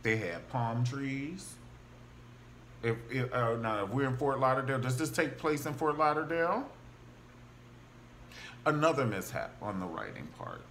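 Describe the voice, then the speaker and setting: A TV show reviewer gives a casual, gossipy recap of a TV drama, often slipping into the characters' voices to act out their lines. His pitch swings widely, he talks a little slowly with long pauses, and a faint hiss sits under the recording.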